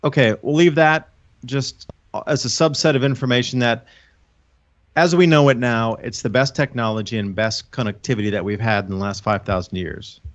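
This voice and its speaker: A man's voice: medium pitch, moderate pace, highs cut off. A man giving a long, earnest, rambling explanation as a guest on a casual talk show, often restarting his sentences. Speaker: guest, online channel host. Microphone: own microphone.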